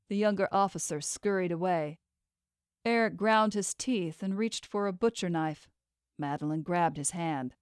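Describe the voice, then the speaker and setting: A woman narrating a romance novel audiobook in a steady, measured way into a close studio mic. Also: lowish voice, smooth, no echo. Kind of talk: scripted narration.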